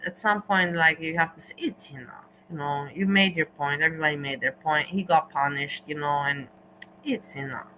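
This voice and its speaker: Bright-voiced woman hosting a livestream. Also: low-pitched, fairly quick, slight background noise, poor audio. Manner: animated, talks straight to viewers, mixes in German words. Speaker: livestream host. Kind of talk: casual livestream chat.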